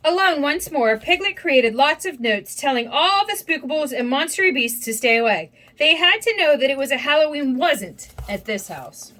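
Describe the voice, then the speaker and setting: A woman reading a children's storybook aloud in an expressive, animated way. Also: sits high, normal speed, few pauses. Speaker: storybook reader. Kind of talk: children's read-aloud narration.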